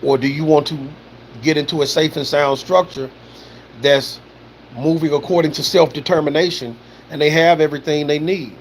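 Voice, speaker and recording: Man with a fairly high voice, rambling casual talk. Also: steady tone, normal speed, slight background noise. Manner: loose, rambling delivery, peppered with "you know" and "man", swearing. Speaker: livestream host reading viewer comments. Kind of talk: casual spoken commentary.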